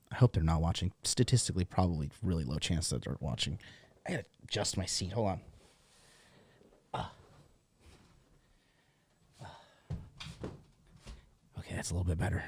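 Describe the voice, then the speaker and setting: Brief: man, low dry voice, blunt profane host rambling to camera while seated. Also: expressive, normal speed, long pauses, a little mellow, no echo. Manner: blunt, heavy swearing, rambling asides. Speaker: dating coach host. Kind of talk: casual profane rant to camera. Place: seated at a desk, indoors.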